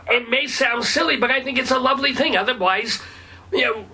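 A man's voice: extremely high pitch, normal speed, noisy background. A man voicing a cranky, foul-mouthed older rabbi with a phlegmy, throaty voice, rambling and swearing in a comedic radio bit. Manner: rambling, blustery, swears casually.

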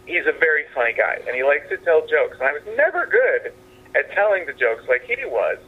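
A man's voice: a little high, very animated, slightly rough. Man on a tinny phone line. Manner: halting, meandering, with restarts. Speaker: playwright and actor guest. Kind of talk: phone-in radio interview. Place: at his father's house. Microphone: telephone.

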